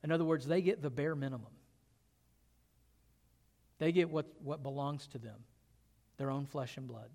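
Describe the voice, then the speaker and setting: A man's voice: mid-range voice, normal speed, long pauses, darkish tone. Preaching man in a reverberant hall. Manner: preaching with rising emphasis, rhetorical questions. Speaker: pastor. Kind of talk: sermon.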